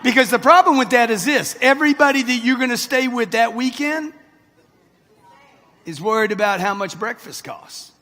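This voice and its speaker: A man's voice: very high voice, normal speed, bright, forceful tone. A man in his sixties giving a brash, punchy motivational talk straight at a live audience. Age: 60s. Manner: brash, punchy, addresses the crowd directly. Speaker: motivational speaker. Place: large event hall with an audience. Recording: long reverb of a big hall.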